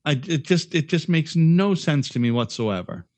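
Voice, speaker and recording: A man's voice: fairly high pitch, very animated, moderate pace, a little mellow, dry recording. A man co-hosting a casual podcast chat, talking bluntly with plenty of swearing and stammered restarts. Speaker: podcast co-host.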